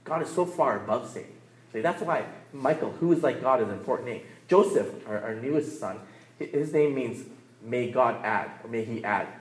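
A man's voice: mid-range voice, animated, brisk. A man in his thirties preaching a sermon in a conversational way, often checking in with "right?" and laughing between points. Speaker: pastor. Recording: roomy echo.

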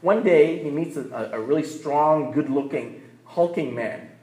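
A man's voice: a little high, a little slow, a little mellow. Chatty male pastor in a roomy church. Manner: conversational, asks "right?" often, laughs between points. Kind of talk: sermon. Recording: roomy echo.

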